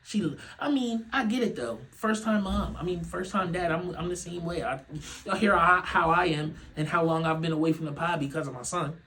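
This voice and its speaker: Animated, laughing young man ranting. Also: normal speed, poor audio. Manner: animated and profane, laughing often, swinging from loud outbursts to low mutters. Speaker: podcast host. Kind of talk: casual comedic rant.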